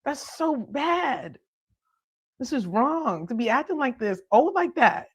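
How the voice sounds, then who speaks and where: A woman's voice: high-pitched, very animated, slow pace, slightly rough. A woman hosting a live stream, delivering an indignant commentary rant with restarts and disbelieving laughter.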